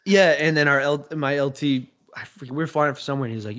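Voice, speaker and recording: A man's voice: mid-range voice, fast, a bit bright. Casual male podcast guest, loose storyteller who swears a lot, slightly dull lo-fi sound. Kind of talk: casual chat.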